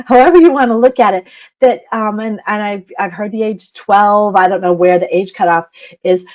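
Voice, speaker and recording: A woman's voice: medium pitch, a little mellow. A middle-aged woman coaching parents in a chatty webinar talk, laughing often and saying "you know" a lot. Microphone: computer mic on video call.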